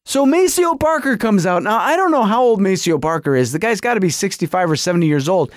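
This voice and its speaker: A man in his forties telling a story as a podcast host, excitable and acting out songs and quotes. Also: high-pitched, quick pace, no echo, clean studio sound. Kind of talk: animated storytelling.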